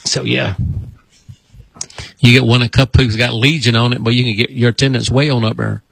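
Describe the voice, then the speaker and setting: A man's voice: medium pitch, little pitch movement, brisk, creaky, fairly bright tone, breathy edge, dry recording, poor audio. A man preaching as a deliverance minister on a broadcast, repeating commands for spirits to come out in a folksy, rambling way. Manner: repetitive commanding exorcism chants.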